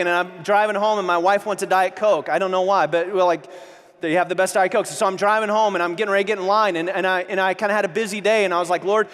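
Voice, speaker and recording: A man speaking at a youth conference, telling stories in an animated sermon, acting out quotes and laughing with the crowd. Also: high-pitched. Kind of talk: energetic storytelling sermon. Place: large conference hall. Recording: long hall reverb, faint noise.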